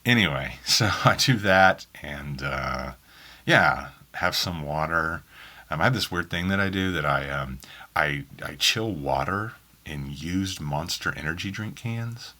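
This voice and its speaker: Very deep-voiced man, faint Southern accent. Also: expressive, unhurried, pushed and bright. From Oklahoma, US. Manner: rambling, many ums and restarts. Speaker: audiobook narrator. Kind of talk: casual interview answers. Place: small home booth in a spare bedroom.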